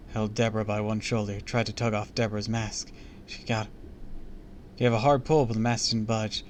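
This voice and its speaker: A man's voice: on the low side, slight background noise. Man reading a story aloud on stream. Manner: plain reading with small slips, casual asides to chat.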